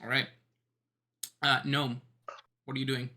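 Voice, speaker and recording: A man runs a tabletop game, describing scenes for his players in a bright, fairly forward voice. He talks haltingly, stopping often to search for words. He is recorded on a mic over a voice call. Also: medium pitch, level tone. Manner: hesitant, many ums and pauses. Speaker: game master.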